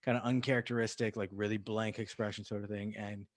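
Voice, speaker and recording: A man's voice: fairly low pitch, level tone, fast, no echo. A man co-hosting a podcast, casually recapping a film with lots of fillers and laughter. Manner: rambling, laughs, acts out quoted lines. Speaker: podcast co-host. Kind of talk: casual movie recap chat.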